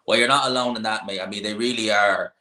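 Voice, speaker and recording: A man's voice: lowish voice, fairly even intonation, fast, bright, forceful tone. A young Irish man hosting a boxing channel, chatting casually and opinionated, thinking aloud with lots of fillers. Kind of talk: casual live chat answering viewers. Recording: roomy echoey room.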